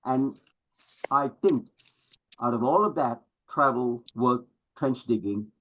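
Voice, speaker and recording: A man's voice: mid-range voice, slow, fairly bright tone, a little hiss or hum, rough recording. A middle-aged man giving an emphatic motivational talk to an audience as a business coach, full of rhetorical questions.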